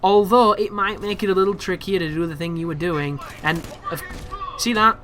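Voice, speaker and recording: A man's voice: high voice, fairly quick, a little hiss or hum. A man giving casual walkthrough commentary over gameplay, chatty and prone to exasperated asides. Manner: chatty, with exasperated, animated asides about the game.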